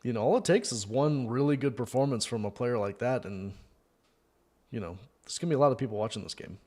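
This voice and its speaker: Male fan host, casual live-match chatter, rambling, prone to loud outbursts. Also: mid-range voice, fast talker. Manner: chatty, rambling, thinks aloud with fillers; bursts into loud disbelieving shouts at goals.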